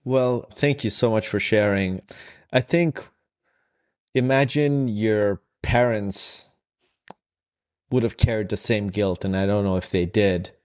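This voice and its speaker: A man hosts an interview with a somewhat low voice. He builds long, winding questions, starting over and reframing as he goes. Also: slow pace, long pauses, a little mellow. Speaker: podcast host. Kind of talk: interview conversation.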